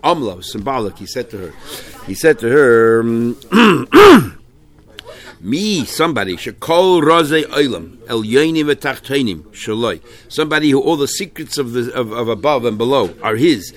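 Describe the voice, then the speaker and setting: Very animated and speaking at normal speed in a mid-range voice, a man explains texts in an English-language Talmud class. He mixes in plenty of Hebrew and Yiddish terms and frequently restarts sentences.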